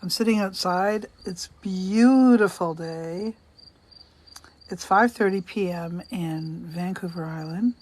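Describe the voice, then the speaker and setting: A woman's voice: on the low side, takes it slowly, a little mellow. Chatty older woman livestreaming outdoors. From Canada. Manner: chatty, greets viewers by name, repeats questions. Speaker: livestream host. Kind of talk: casual live-stream chat. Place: outdoors on a sunny day. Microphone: phone.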